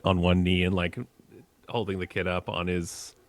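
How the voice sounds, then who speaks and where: A man narrating his character's actions as a player in a tabletop game, in an animated, descriptive way. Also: low-pitched, moderate pace, no room sound.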